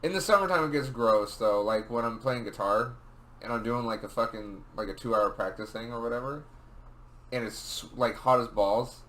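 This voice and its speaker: A man's voice: medium pitch, normal speed, fairly bright tone, slight background noise, low-quality recording. A young man co-hosting a podcast at a home table, laughing and swearing through casual chat. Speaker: podcast co-host.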